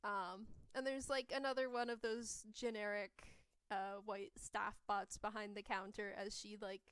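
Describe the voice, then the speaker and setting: A woman's voice: medium pitch, little pitch movement, unhurried, fairly bright tone, clean tone, no room sound. A woman narrating a tabletop game as game master, meandering with many fillers.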